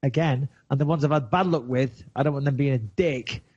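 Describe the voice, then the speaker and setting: A man's voice: medium pitch, a little fast, lo-fi sound. A man from England with a Lancashire accent, hosting a podcast in blunt, swearing casual chat. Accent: Lancashire English. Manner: blunt, swears freely, animated retelling. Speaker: podcast host.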